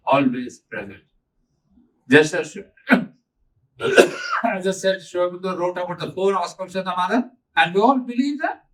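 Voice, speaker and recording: This older spiritual teacher speaks to a gathering in a voice on the high side and a bit bright, captured by a distant mic on a rough recording. Earnest and emphatic, he hammers home his points by repeating key phrases.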